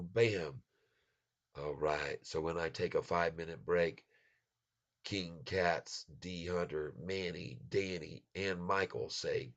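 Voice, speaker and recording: A man's voice: deep voice, vocal fry, dull audio. An American man hosting a casual live stream, chatting with viewers, laughing often and mixing in bits of French and Spanish. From United States.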